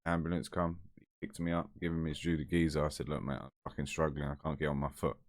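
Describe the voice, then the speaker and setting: A man's voice: extremely low pitch, little pitch movement, fast, no echo, studio quality. A man telling a story to camera in a blunt, chatty, heavily sweary way. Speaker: vlogger.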